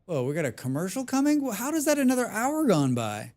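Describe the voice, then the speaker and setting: A man's voice: sits high, huge pitch swings, quick pace, darkish tone. A man casually commentating his own game stream from home, muttering, humming and swearing as he plays.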